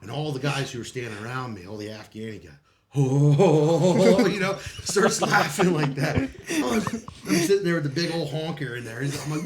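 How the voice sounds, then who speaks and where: A man's voice: fairly high pitch, normal speed, background noise. A man telling his old service stories in a casual podcast chat, cursing freely and laughing through his tales. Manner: animated, profane, laughs often while telling stories.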